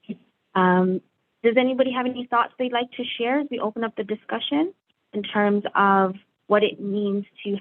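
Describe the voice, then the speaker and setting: Woman, discussion host, measured, reads facts, tinny call audio. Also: mid-range voice. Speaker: host of an online community discussion. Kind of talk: hosting a discussion, partly reading out facts. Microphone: video call.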